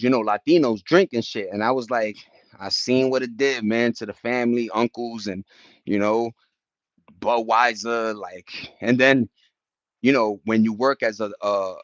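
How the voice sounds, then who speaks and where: A middle-aged man, telling stories in casual chat, slangy and animated, jumping into high-pitched impressions. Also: no echo, lo-fi sound. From New York.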